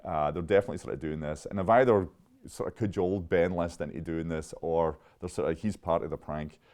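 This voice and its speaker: A man in his fifties, a chemist giving an interview, telling stories in a lively, laughing way with frequent restarts. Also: low-pitched, brisk. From Scotland. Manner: animated, laughing often, restarts mid-sentence. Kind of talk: conversational interview storytelling.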